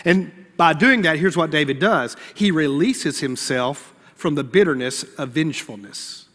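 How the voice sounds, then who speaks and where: Bright-voiced male pastor preaching in a reverberant hall. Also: on the high side, measured pace. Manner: conversational preaching, acts out prayers and asides. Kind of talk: sermon.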